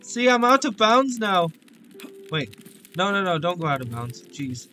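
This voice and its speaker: A man hosting a let's play, cracking jokes and slipping into silly voices as he comments. His voice sits high and bright with a sharp edge. Faint game music hums behind him. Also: big pitch swings, unhurried. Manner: joking, playful, with silly voices and outbursts. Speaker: gaming video host.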